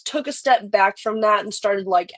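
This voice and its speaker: A young woman speaking with a light Louisiana twang, relaxed and rambling with plenty of fillers. She chats easily as a podcast guest, her voice sitting at an ordinary mid pitch for a woman. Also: normal speed. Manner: laid-back, rambling with fillers. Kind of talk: casual chat.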